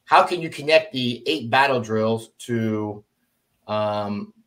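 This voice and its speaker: Middle-aged man, ex-officer, casual storyteller; mid-pitched, animates quoted lines with sudden pitch leaps. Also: slow pace. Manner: animated, acts out quoted dialogue with jumps in pitch. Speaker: former army officer telling his story.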